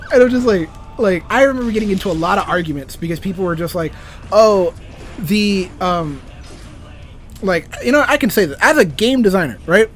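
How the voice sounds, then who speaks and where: A man's voice: high-pitched, lively intonation, quick pace, a bit bright. A young man and game designer ranting casually about video games, rambling, swearing freely and laughing often. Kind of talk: casual gaming rant.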